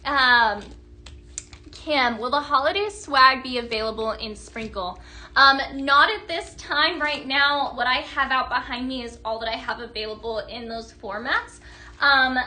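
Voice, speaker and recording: A young woman with a high, bright voice hosting a live sales stream. She talks in a chatty, upbeat way, greets viewers by name and fills her pauses with plenty of ums while she shows off products. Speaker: host of a live home-fragrance sales show.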